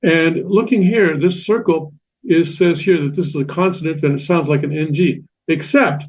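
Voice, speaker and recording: Patient man teaching, slightly high voice. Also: moderate pace, a little mellow. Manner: patient, repetitive, many fillers and restarts. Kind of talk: classroom lecture explaining Korean letters. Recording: dull lo-fi sound.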